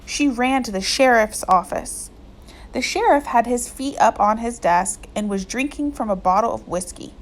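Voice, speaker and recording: A woman's voice: a little high, normal speed. Woman reading a novel aloud. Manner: steady storytelling narration. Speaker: audiobook reader.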